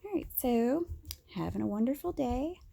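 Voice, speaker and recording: A woman's voice: a little high, expressive, normal speed, gravelly, mellow. A woman vlogger talking candidly in a casual, rambling monologue, full of fillers and restarts.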